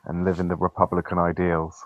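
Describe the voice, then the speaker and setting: A man joking crudely with friends in a casual group chat. His voice sits very low, and he drops in slang like "mate". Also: monotone, quick pace, dull audio. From Britain.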